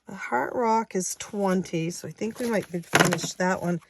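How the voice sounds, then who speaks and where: A woman in her sixties chatting casually to her viewers, counting money out loud as she goes. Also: lowish voice, moderate pace, a little hiss or hum. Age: 60s. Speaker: savings challenge vlogger.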